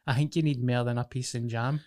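A man's voice: mid-range voice, fairly even intonation, fairly quick, a little mellow. A young Glaswegian man co-hosting a podcast, chatting casually with sweary banter and laughter while he has a cold. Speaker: podcast co-host. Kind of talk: casual chat.

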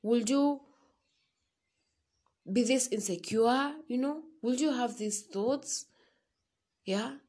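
A woman's voice: fairly high pitch, slow, pauses often, dark tone. A young Kenyan woman giving a casual motivational talk to her listeners, preaching and calling them sis. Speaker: vlogger.

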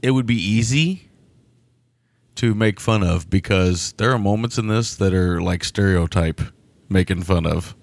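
A man's voice: low-pitched, a little slow, creaky, dry recording. A man co-hosting a podcast, chatting casually about a film, laughing often and stammering into restarts. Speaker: podcast co-host.

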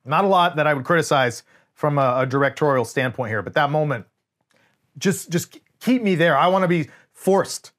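Male co-host, slightly high voice, emphatic and profane casual film talk. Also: normal speed. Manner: emphatic, swears freely, animated storytelling. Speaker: podcast co-host. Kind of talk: casual film review chat.

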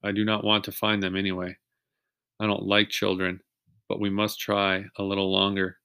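A man reading the lines of a grumpy baker's wife in a children's story, curt and quick. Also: on the low side, completely flat delivery, vocal fry, bright, forceful tone, clear, resonant tone.

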